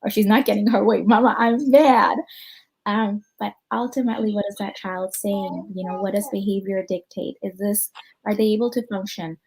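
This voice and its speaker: A woman's voice: mid-range voice, fairly even intonation, brisk, vocal fry, warm tone, slight background noise, low-quality recording. Chatty American woman psychologist on a call. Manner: conversational, thinks aloud with many ums and you-knows. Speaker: clinical psychologist. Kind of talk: conference talk answering questions.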